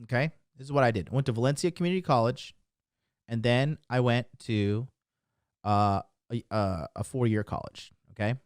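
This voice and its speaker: A man's voice: mid-range voice, moderate pace, clean tone, dry recording, clean studio sound. A man coaching on dating, ranting on a livestream to his chat in a brash, boastful and mocking way, punctuating points with "okay?". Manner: emphatic, keeps asking "okay?".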